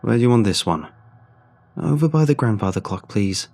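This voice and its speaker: A man voicing a well-spoken young new worker asking curious, hushed questions. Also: on the low side, expressive, normal speed, gravelly.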